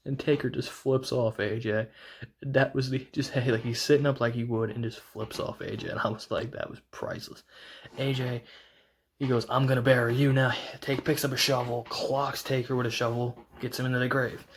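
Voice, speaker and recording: A man giving a casual, excited recap as a wrestling reviewer, rambling with lots of restarts and fillers. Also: mid-range voice, slight background noise. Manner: rambling, fast retelling full of "like" and restarts.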